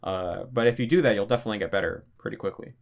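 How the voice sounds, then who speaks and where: A man's voice: on the low side, rapid-fire, gravelly. A young man hosting a casual Q&A, explaining things loosely with lots of "like" fillers and restarts. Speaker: language-learning channel host. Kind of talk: casual Q&A monologue.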